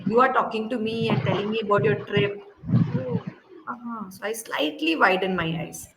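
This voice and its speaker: A woman's voice: mid-range voice, a little fast. A woman with an Indian English accent, tutoring spoken English on a video call, coaxing and acting out phrases with exaggerated intonation. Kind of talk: online spoken-English lesson. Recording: echoey room with loud background noise.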